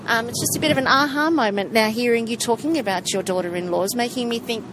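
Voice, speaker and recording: A woman's voice: on the high side, fast talker, background noise. A woman from South Africa with a South African English accent, chatting casually and thinking things through at length. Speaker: group discussion participant. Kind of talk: casual chat.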